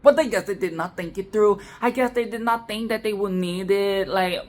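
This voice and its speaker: A woman giving a casual, animated film commentary, swearing, laughing and repeating phrases for emphasis. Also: medium pitch, moderate pace. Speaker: film review vlogger.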